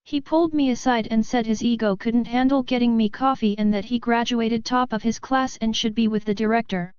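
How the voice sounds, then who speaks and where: Woman, story narrator, even read-aloud delivery, fairly high voice, slightly dull lo-fi sound. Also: fairly quick, clean tone, dry recording. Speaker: narrator reading online posts.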